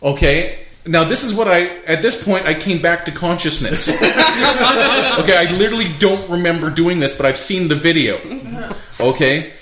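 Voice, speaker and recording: A man's voice: fairly high pitch, moderate pace, a bit bright. A man animatedly telling a story in casual chat, often laughing as he talks. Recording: roomy echo with faint hiss.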